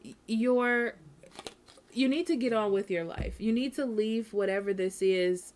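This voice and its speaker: A woman's voice: on the high side, unhurried, darkish tone. A woman giving a casual tarot reading at home, speaking frankly and repeating herself, often checking in with "okay?". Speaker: tarot reader.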